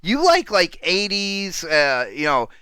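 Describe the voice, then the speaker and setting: A man hosts a loose panel chat with a bright, clean tone that sits a bit high for a man. He sounds excitable and teasing, leaning on dude and man. The sound is dry and close. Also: slow, smooth, no room sound. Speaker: podcast host.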